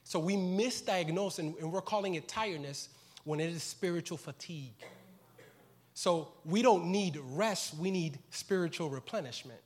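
A man preaching a sermon with passion, his voice swinging from quiet, reflective stretches to loud, pleading questions. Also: on the high side, normal speed. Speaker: pastor.

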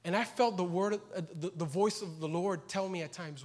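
Preaching in a fairly high voice at a moderate pace, a male pastor goes through the text with great passion. He drops to a quiet softness, then swings up into loud, insistent questions aimed at the congregation.

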